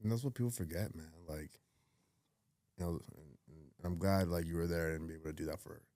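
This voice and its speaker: A man with a low voice and a heavy gravelly rasp talks in a loose podcast chat. His tone is dark and mellow, and he is close and dry on the mic. He speaks bluntly, swears freely and hammers his points home. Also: fairly quick, no room sound. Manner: blunt, profane and emphatic. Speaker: podcast guest. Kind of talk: casual podcast conversation.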